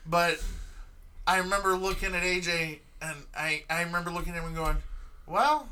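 A man's voice: a little high, flat delivery, a little fast, bright, forceful tone, poor audio. A man in casual chat, chiming in and adding details to a shared story.

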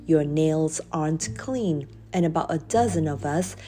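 A woman's voice: deep voice, unhurried, warm tone. A woman voicing a friendly, earnest brownie schoolboy in a children's story reading.

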